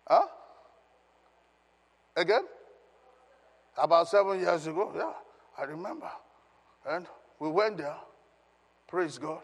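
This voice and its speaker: A man's voice: a little high, takes it slowly, long pauses, husky. A male pastor giving an emphatic Bible teaching, questioning his congregation as he reads scripture. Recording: long reverb of a hall.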